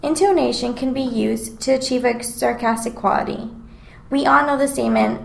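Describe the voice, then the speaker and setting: A woman's voice: a little high, fairly quick, creaky, reverberant, rough recording. A woman reading aloud a scripted class presentation in an explanatory tone. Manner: reads aloud in an explanatory, even tone. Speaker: student presenter.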